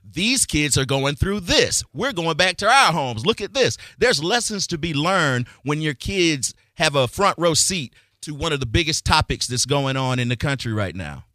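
A man's voice: fairly high pitch, sing-song, moderate pace, hardly any pauses, sharp tone, no echo, studio quality. A male radio show host talking in brash, joking, streetwise banter.

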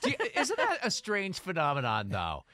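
A man's voice: high-pitched, huge pitch swings, normal speed, pushed and bright. A man hosting a morning radio show, chatting casually and jokingly, stretching out his words.

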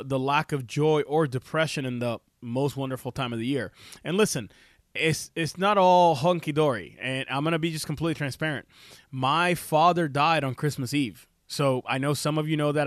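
A man's voice: mid-range voice, dry recording, studio quality. A middle-aged man hosting a show, telling a personal family story and giving heartfelt, preachy advice, getting emotional. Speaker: show host. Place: Ohio.

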